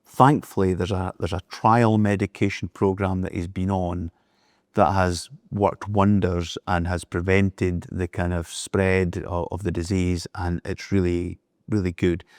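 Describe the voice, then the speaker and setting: Middle-aged guy, low voice, spinning a story and acting out who said what, dry close sound. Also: level tone, a little slow, darkish tone, no room sound. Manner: anecdotal, acts out dialogue in the retelling. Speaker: interview guest, business leader. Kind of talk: storytelling in casual conversation.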